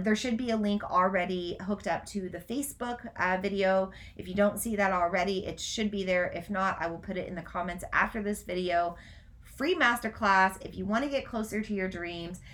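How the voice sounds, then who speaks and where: A woman hosting a casual live stream, talking fast in run-on sentences, then gently guiding a breathwork practice. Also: mid-range voice. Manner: gentle instructive guidance in breathwork. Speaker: spiritual coach and podcast host.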